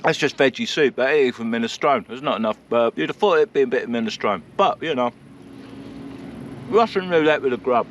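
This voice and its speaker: A man's voice: mid-range voice, lively intonation, fairly quick, highs cut off, slight background noise. A man chatting casually to camera while camping in the countryside, self-mocking and laughing often. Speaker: vlogger. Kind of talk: casual vlog chat to camera. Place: outdoors at a countryside campsite.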